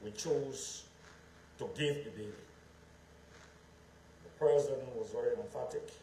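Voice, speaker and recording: A man's voice: mid-range voice, unhurried, warm tone, slight background noise. A man delivers an emphatic political speech, often repeating a phrase before driving it home. His voice sits in a middle register. It rings through an echoey room with faint ambience behind it. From Liberia. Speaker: political speaker. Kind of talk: public speech.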